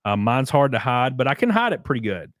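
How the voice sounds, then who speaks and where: Male streamer, Southern rural drawl, relaxed and profane, mid-pitched, dry close sound. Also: fairly quick, no echo. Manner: laid-back, drawling, profane. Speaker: streamer reading super chats. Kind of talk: casual livestream chat.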